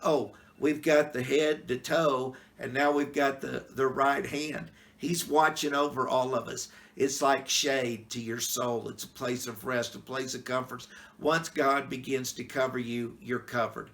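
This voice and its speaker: A middle-aged male pastor talks through scripture in a relaxed, folksy manner. His voice sits at an ordinary middle pitch for a man, and he keeps the tone plain-spoken and conversational. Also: a little slow, gravelly, hardly any pauses. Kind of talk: casual devotional Bible talk.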